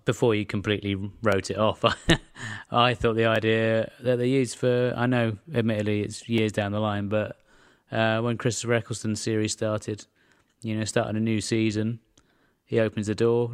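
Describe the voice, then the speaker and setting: Bloke cracking quick jokes, low voice, dry sound. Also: male voice, level tone, clean tone, no room sound. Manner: joking, quick quips. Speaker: podcast co-host. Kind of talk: casual podcast discussion.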